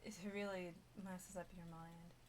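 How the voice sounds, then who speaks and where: A woman's voice: lowish voice, flat delivery, measured pace. Questioning woman in casual chat.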